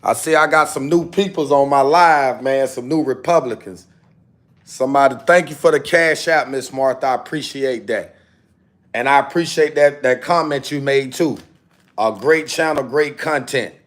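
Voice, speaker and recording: A man's voice: mid-range voice, normal speed, a bit bright. A man hosting a livestream, talking straight to his viewers in slang and often asking "you know what I'm saying". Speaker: livestream host. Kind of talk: casual livestream commentary.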